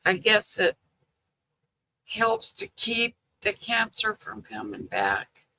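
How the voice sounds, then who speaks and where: An older grandmother chatting live with her viewers in an unhurried, rambling way. Her voice is gravelly and bright, and she takes her time getting through each story. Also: medium pitch, huge pitch swings, a little hiss or hum, rough recording. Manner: slow, chatty storytelling with frequent "you know" and laughter. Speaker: livestream host chatting with viewers. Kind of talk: casual live chat.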